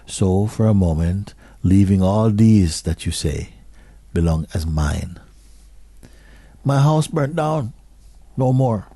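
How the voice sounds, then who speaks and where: A man giving a slow, measured satsang talk as a spiritual teacher, often dropping to soft, hushed phrases. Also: on the low side, expressive, no echo.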